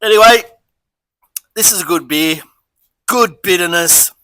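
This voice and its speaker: A man's voice: sits high, a little slow, pushed and bright, no echo, rough recording. An Australian man casually reviewing a beer and rambling through a story, chatty and easygoing.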